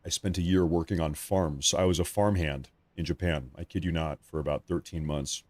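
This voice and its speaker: A man in his thirties hosts a relaxed live stream, rambling and repeating himself conversationally. His voice is fairly low and darkish, steady in tone, at a moderate pace. The recording is dry and close with no room echo.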